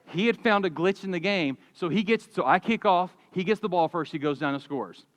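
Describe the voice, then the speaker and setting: A man in his forties preaching a sermon, telling stories in a lively, conversational way with humor. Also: high-pitched, fairly quick, in a large hall. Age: 40s. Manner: animated storytelling, conversational with humor. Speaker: pastor. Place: church sanctuary.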